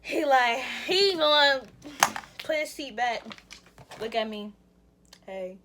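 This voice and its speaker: A woman's voice: high voice, lively intonation, slow pace, background noise. A young woman vlogger telling a rambling, slangy story in a casual chat with lots of "like" and restarts. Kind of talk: casual storytime while getting ready.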